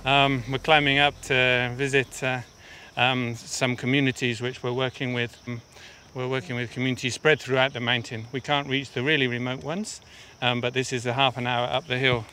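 Bright-voiced man aid worker explaining outdoors. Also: medium pitch, flat delivery, a little fast, slight background noise. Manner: thoughtful, explaining step by step. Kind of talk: explanatory field interview. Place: outdoors on a steep mountain path.

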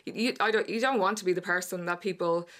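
A young Irish woman speaking as an interview guest, halting, with many fillers and restarts. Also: lowish voice, a bit bright. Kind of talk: emotional interview conversation.

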